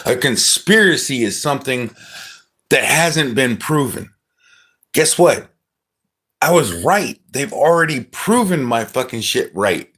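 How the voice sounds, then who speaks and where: Middle-aged man, profane livestream rant, scoffing, lively pitch. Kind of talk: ranting monologue.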